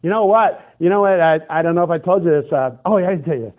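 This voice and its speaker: A middle-aged man preaching a sermon, telling stories with animated, excitable bursts. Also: fairly high pitch, quick pace. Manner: animated storytelling, shifts to loud excited outbursts. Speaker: pastor. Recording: tinny phone-like band.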